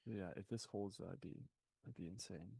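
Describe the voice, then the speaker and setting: A man's voice: deep voice, moderate pace, vocal fry, dark tone, slightly rough, dry recording. A young man co-hosting a live trading stream, chatting laid-back and giving market commentary, often trailing off. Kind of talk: casual chat and market commentary.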